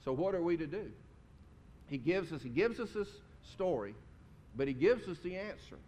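Speaking at a moderate pace with a sing-song lilt and a slightly mellow tone, a pastor gives a sermon in his church sanctuary. His delivery is casual and folksy, full of questions for the congregation. Echo from the hall and a faint rumble color the recording.

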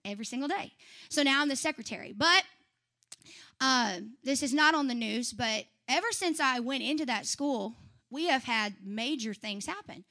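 A woman giving a personal testimony to a church congregation, chatty and lively, laughing often and talking back to the crowd. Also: sits high, normal speed.

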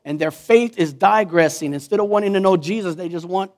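A man with a notably high voice preaches a sermon, talking to the congregation as if in conversation. He is animated and often slips into the voices of the people and figures he quotes. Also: a little fast. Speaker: pastor.

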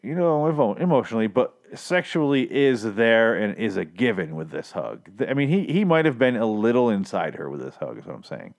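A man's voice: medium pitch, big pitch swings, fairly quick, hardly any pauses. Crude rambling man recapping a show. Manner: crude, rambling, jokey asides. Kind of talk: casual comedic recap.

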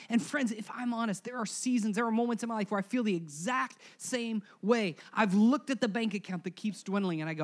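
A male pastor preaching a sermon to his congregation in church, moving from loud emphasis to hushed, low passages. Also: quick pace, few pauses. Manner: animated preaching, swings between loud emphasis and hushed lows; conversational, asks the congregation to repeat words.

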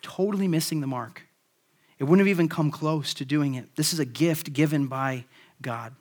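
A man's voice: a little high, normal speed. A man preaching a sermon in a casual, conversational way, with frequent "like" and "right?" tag questions. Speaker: pastor.

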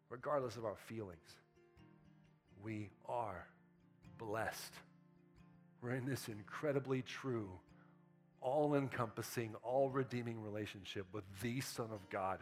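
A man preaching a sermon in a casual, conversational way. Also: medium pitch. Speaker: pastor. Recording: soft guitar music behind.

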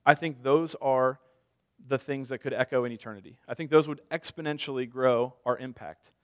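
Guy in his 30s giving a laid-back sermon, jokes on himself, medium pitch. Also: normal speed, fairly bright tone. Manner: conversational storytelling with self-deprecating humor. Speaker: pastor.

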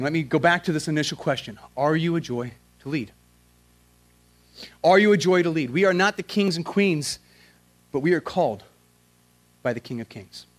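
A man preaching a sermon as a pastor, in a casual, slangy way, swinging from loud emphatic questions to quiet, earnest prayer. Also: on the high side.

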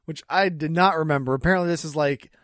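A man co-hosting a podcast, recapping an old wrestling show in casual chat, full of "like" and quick laughs. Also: a little high, a bit bright, no room sound, clean studio sound. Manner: chatty, lots of "like", frequent laughs. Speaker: podcast co-host.

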